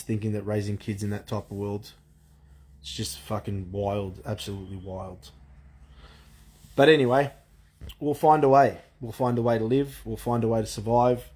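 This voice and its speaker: A man's voice: on the low side, dark tone. Profane, ranting man. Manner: profane, frustrated ranting with frequent restarts. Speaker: vlogger. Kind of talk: ranting monologue.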